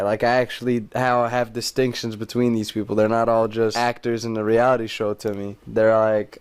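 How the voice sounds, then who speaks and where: A man's voice: on the low side, level tone, normal speed, few pauses, smooth. A young man co-hosting a podcast, chatting casually, rambling and sarcastic with lots of fillers. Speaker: podcast co-host. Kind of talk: casual chat.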